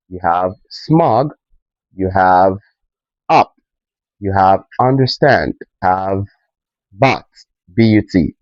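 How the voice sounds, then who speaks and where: A man teaching pronunciation in a slow lesson, stressing each example word. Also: on the low side, no room sound, dull audio. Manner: emphatic, drawn-out example words.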